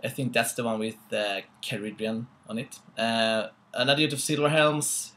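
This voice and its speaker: Bright-voiced Swedish man, halting commentary. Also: mid-range voice. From Sweden. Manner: halting, many fillers, laughs at own jokes. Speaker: co-host. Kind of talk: casual battle report commentary.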